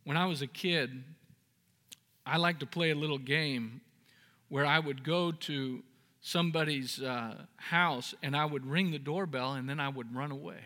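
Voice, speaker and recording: A male pastor delivering an earnest sermon in a high, bright voice. He swings from folksy, joking stories to emphatic peaks of exhortation, and his words ring out with a long reverb across a church sanctuary from a stage microphone. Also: unhurried. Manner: folksy storytelling with jokes. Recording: reverberant hall.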